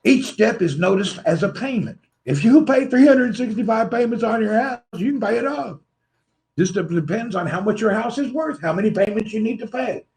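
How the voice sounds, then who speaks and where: A man's voice: high voice, lively intonation, normal speed, creaky, a little mellow. A man hosting a livestream, rambling playfully and teasing his viewers, laughing often. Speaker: livestream host. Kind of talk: rambling joking livestream chat.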